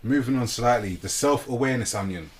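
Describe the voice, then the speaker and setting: A man's voice: mid-range voice, fairly quick, a little hiss or hum. A man co-hosting a casual podcast discussion, talking openly and easily about his own feelings. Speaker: podcast co-host.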